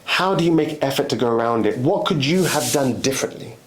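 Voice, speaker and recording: A man's voice: mid-range voice, lively intonation, brisk. A man giving a motivational monologue as host, emphatic and repetitive, often restarting his sentences.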